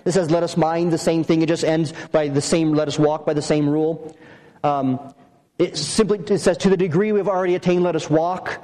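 A male pastor giving an expository sermon, animated and emphatic, asking rhetorical questions and pressing his points. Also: a little high, fairly quick, in a large hall.

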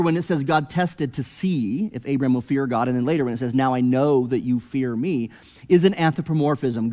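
Earnest preacher in a reverberant hall. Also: male voice. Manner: earnest, rises to emphatic peaks then drops low and quiet. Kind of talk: expository sermon.

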